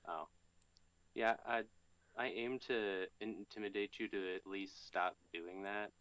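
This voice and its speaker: A man's voice: lowish voice, steady tone, takes it slowly, fairly bright tone, no echo, rough recording. A man playing a tabletop role-playing game, speaking hesitantly with many fillers. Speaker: player.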